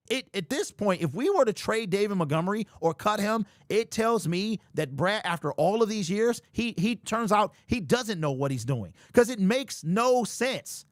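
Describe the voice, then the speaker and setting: This is a young man's livestream sports rant: he's exasperated and incredulous, repeats himself, and reads viewer super chats as the host. His high, animated voice moves at normal speed with hardly any pauses, captured in studio quality without room sound.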